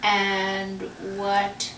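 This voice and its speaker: In a home living room, a young mother patiently quizzes her toddler on animal sounds for a home video, coaxing in a sing-song, questioning way. Her mid-range voice is completely flat and extremely slow, with background noise, and the camcorder audio is roomy and distant.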